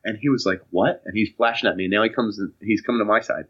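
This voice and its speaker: A young man telling casual anecdotes on a podcast, animated and acting out the voices of people in his stories. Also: on the low side, rapid-fire, husky. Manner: animated, acts out voices in anecdotes, laughs often. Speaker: podcast co-host. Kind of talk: casual storytelling chat. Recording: dull lo-fi podcast audio.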